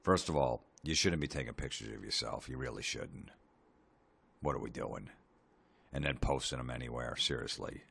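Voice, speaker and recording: Super deep voiced guy doing a sweary deadpan comedy rant, podcast host vibe. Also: moderate pace, vocal fry, husky. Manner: profane, sarcastic, deadpan asides.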